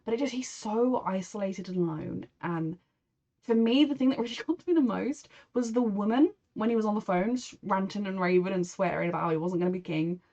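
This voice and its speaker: A woman's voice: mid-range voice, fairly quick, warm tone, highs cut off. A woman from England talking through a show reaction, emotional and rambling, slipping into mock voices to quote people. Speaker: reaction video host. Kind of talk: casual reaction commentary.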